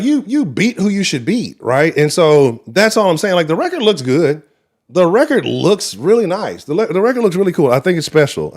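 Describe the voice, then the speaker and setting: A man with a Texan accent hosting a live sports talk stream, rambling and profane, laughing often and talking to the chat. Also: fairly high pitch. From Texas. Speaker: sports show host.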